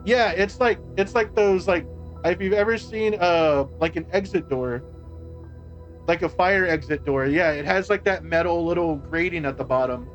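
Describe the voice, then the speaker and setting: A man's voice: a little high, moderate pace, muffled recording. A man on a live stream telling a personal story in a rambling, casual way, full of "like" and restarts and some swearing. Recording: faint music behind. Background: faint music.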